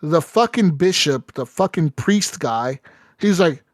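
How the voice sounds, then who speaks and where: A man hosting a casual podcast, telling a story animatedly with lots of swearing and "right?" fillers. His voice sits a little higher than average. The recording is dry and close. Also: animated, unhurried, no room sound. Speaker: podcast host. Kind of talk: casual chat.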